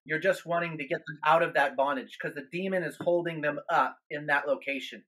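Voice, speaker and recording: A man's voice: on the high side, fairly even intonation, a little fast, sharp tone. A man who is a guest minister on a podcast, telling a story in an earnest way, with many restarts and repeated words.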